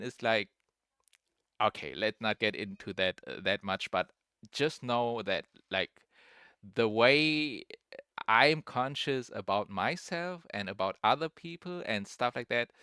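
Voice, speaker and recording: A man's voice: fairly low pitch, gravelly, bright, forceful tone, clean tone, no room sound, clean studio sound. A man giving casual reaction commentary as a streamer, rambling and repeating himself, full of "like" and "bro".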